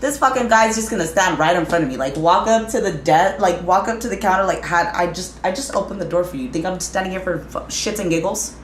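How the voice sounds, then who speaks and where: A low-voiced woman tells a quick, blunt story on a casual podcast, swearing as she goes. The sound is roomy, with faint noise behind it. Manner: blunt, swears, talks fast. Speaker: podcast co-host.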